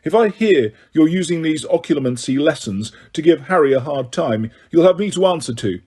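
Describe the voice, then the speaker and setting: A brash, aggressive middle-aged godfather, as a male narrator voices him, speaks loudly. The voice is pitched higher than the narrator's own and has a husky grain. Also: animated, moderate pace. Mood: defiant. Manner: loud and aggressive.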